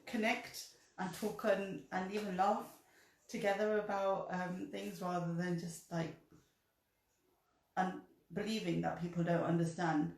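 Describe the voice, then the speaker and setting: A woman's voice: lowish voice, level tone, a little slow, a little mellow. A woman sharing her experience in an earnest, thoughtful way during a conversation. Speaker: guest. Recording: echoey room.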